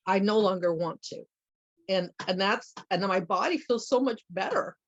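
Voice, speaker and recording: A woman in casual conversation, telling a personal story with animated acted-out bits of dialogue. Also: medium pitch, moderate pace, slight background noise. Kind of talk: casual chat. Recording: muffled lo-fi audio.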